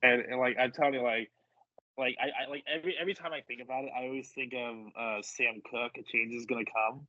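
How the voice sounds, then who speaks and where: Profane, bright-voiced man telling wrestling stories. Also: medium pitch, steady tone, quick pace, no echo, highs cut off. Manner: profane, acts out voices in quotes. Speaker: wrestler guest. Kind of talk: casual storytelling chat.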